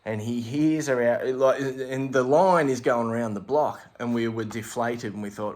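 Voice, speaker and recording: A man's voice: mid-range voice, normal speed, few pauses, darkish tone. An Australian man, a podcast co-host, telling a rambling story in casual chat, acting out the voices and swearing freely.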